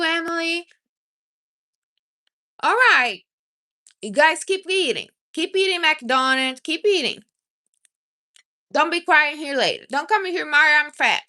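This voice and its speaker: Bright-voiced woman giving blunt advice. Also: sits high. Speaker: livestream host. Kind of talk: casual livestream chat.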